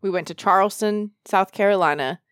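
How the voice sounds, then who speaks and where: A woman's voice: mid-range voice, no echo, studio quality. A woman co-hosting a podcast, chatting playfully and teasing her co-host. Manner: playful, teasing, quick to laugh. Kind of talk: casual chat.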